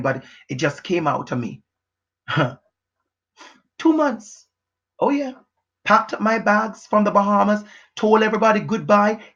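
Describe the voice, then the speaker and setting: Man, pushy motivational speaker, repeats and shouts his points, dull lo-fi home recording. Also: sits high. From Jamaica. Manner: emphatic, repetitive, pushing, sometimes shouting. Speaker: motivational educator. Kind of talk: unscripted motivational talk to camera. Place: house, indoors.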